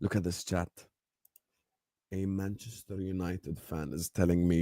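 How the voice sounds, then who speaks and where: Excitable man, dry close mic. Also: low voice, measured pace, no echo. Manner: excitable, laughing, trash-talking banter. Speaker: host of a football fan livestream. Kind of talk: casual livestream chat.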